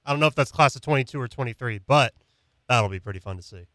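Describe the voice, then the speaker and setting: A man's voice: medium pitch, fast, pushed and bright, no echo. A man co-hosting a sports talk radio show, chiming in with brief, dry remarks. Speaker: radio co-host. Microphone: studio microphone.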